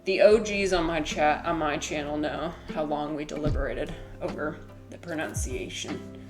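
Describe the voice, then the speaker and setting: A woman's voice: low voice, fairly even intonation, moderate pace. A woman streamer chatting casually on a livestream and reading chat aloud, rambling and giggling, with music playing behind her.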